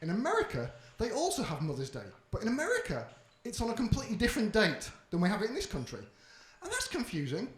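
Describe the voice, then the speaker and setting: Speaking fast in a high-pitched voice, a man from Britain does a stand-up routine in a club, where the echo is roomy. He's brash, swears freely and tells his stories with plenty of animation.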